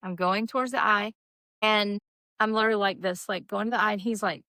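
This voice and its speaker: Woman, animated storyteller, mid-pitched voice, dry close sound. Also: brisk, no echo. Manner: animated, acts out quotes with big pitch jumps. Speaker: nurse practitioner telling ER stories. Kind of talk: casual storytelling chat.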